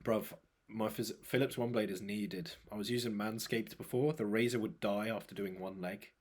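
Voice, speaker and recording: A man's voice: on the low side, steady tone, moderate pace. A young man co-hosting a fitness podcast, chatting casually and rambling through stories with lots of fillers. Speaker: podcast co-host, fitness coach. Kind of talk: casual chat.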